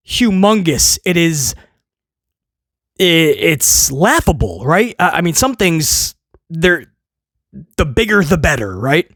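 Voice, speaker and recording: A man's voice: a little high, no echo, clean studio sound. A man hosting a casual video review, ranting in a sarcastic, exasperated way and rambling with many restarts. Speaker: wrestling show reviewer, host.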